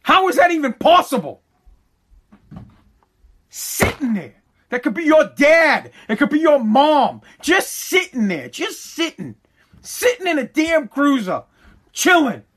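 A man in an angry, profane rant to camera, swearing, repeating himself and sometimes shouting. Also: very high voice, big pitch swings, takes it slowly, long pauses. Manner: heated, swearing, repeats words, shouts at times.

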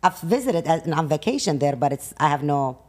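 A woman's voice: deep voice, sing-song, a little fast, darkish tone. A middle-aged woman from Iraq with an Iraqi accent, telling family stories in a casual podcast chat and speaking up sharply when teased. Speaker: guest, host's mother.

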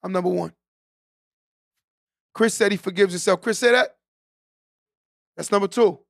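A man's voice: high-pitched, a little slow, vocal fry, fairly bright tone, no echo, studio quality. A man hosting a live stream, giving a preachy motivational talk to his viewers, repeating his key lines and often tagging them with "right?". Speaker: podcast host on a live stream.

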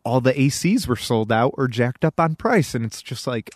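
Laughing, swearing guy, lively. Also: mid-range voice, a little slow, slight background noise. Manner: laughs often, swears freely, rambling storyteller. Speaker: podcast co-host. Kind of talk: casual chat.

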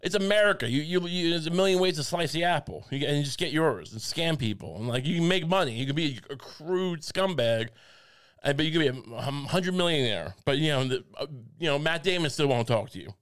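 A man's voice: on the high side, lively intonation, brisk, a bit bright, clean tone. Rambling, self-mocking man. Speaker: podcast co-host. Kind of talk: casual comedic chat.

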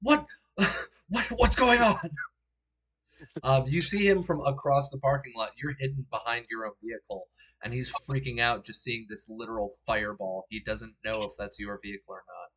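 A man narrating a tabletop game as game master in a relaxed, chatty way with frequent fillers. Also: medium pitch, brisk.

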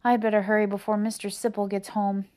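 A woman's voice: mid-range voice, level tone, fast talker, mellow, close to an everyday voice. A woman reading aloud voices an earnest, worried young boy in a storybook.

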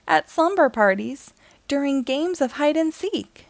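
A woman reading a children's picture book aloud, telling the story in a gentle, expressive way. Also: sits high, a little slow, vocal fry, no room sound.

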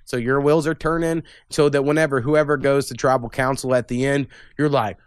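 A man's voice: mid-range voice, steady tone, brisk, smooth, dry recording, clean studio sound. A man hosting a podcast in casual chat, rambling, cursing and laughing often. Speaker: podcast host.

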